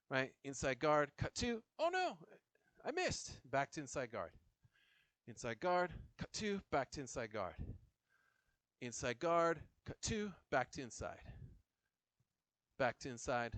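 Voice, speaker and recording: A male fencing coach talks through a saber drill, calling out cuts and guards as he moves. His pitch swings up and down a lot, and the sound is dry and close with no room around it. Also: dry recording. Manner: lively, chatty, jokey asides with laughs; counts drill calls while moving. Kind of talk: demonstration lesson.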